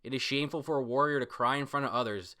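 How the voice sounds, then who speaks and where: A man's voice: mid-range voice, quick pace, pushed and bright, pitched above the performer's own voice, natural voice. A man voicing a frightened young boy heir, speaking in an anguished, pleading way.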